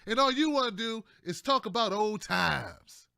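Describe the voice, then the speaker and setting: A male host giving casual political commentary in a loose, joking way. His voice is high and bright, with a pointed edge. The sound is dry and close, with no room echo. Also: lively intonation, measured pace, gravelly, clear, resonant tone. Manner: loose and conversational, keeps adding "man" and "y'all", jokey asides.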